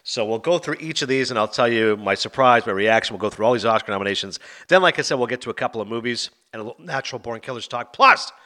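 A man hosts a movie podcast at a brisk clip, rattling through anecdotes with energy. His voice is bright and forward, and his delivery is loose and conversational. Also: medium pitch, animated. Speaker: podcast host. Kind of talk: casual movie podcast chat.

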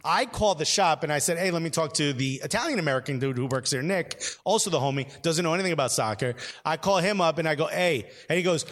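A man's voice: a little high, quick pace, hardly any pauses. Slangy New man telling a story. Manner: animated, slangy, acts out quotes. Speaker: show host. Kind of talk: casual storytelling chat.

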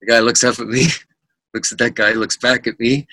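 In a casual podcast interview, a middle-aged rock singer tells lively stories, acting out the voices of the people in them and laughing frequently. His mid-range voice moves at a moderate pace, and there's no echo.

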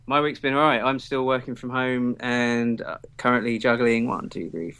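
Chatty podcast host. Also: male voice, medium pitch, flat delivery, moderate pace, fairly bright tone, clear, resonant tone. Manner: chatty, self-deprecating, laughs often. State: slightly sore throat. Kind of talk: casual chat.

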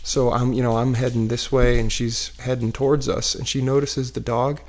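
A man in his thirties tells a story from his couch at home, with a gravelly voice and a mid pitch. He rambles in a casual, self-deprecating way, full of fillers and restarts. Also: little pitch movement, moderate pace, darkish tone. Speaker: vlogger telling a personal story. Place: living room couch at home, dog barking nearby.

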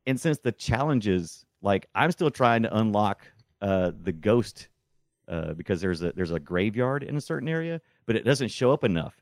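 A man's voice: lowish voice, normal speed, no room sound, clean studio sound. A man chatting casually about a mobile game, rambling and restarting his sentences, and he is a little sick. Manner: rambling, restarts often, excitable. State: sick, congested. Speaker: podcast co-host. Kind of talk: casual chat about games.

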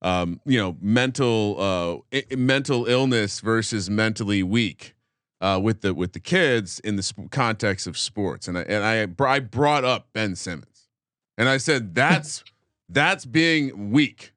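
A man's voice: on the low side, a little slow, fairly bright tone, no room sound, clean studio sound. A middle-aged man co-hosting a sports betting podcast, with wry, teasing banter. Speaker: podcast co-host.

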